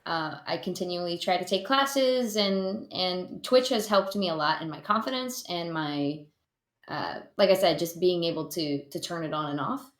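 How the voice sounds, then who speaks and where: A woman's voice: on the low side, moderate pace. A giggly woman with a Southern American accent chatting playfully as a podcast guest. Her voice carries a roomy echo over a call. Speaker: podcast guest, streamer and voice actor. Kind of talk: casual chat.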